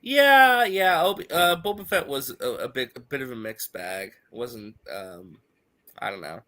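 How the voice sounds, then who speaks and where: A man's voice: medium pitch, lively intonation, moderate pace, bright, forceful tone. A man with a stuffy cold, co-hosting a casual live reaction stream, joking and swearing freely. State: congested from a cold.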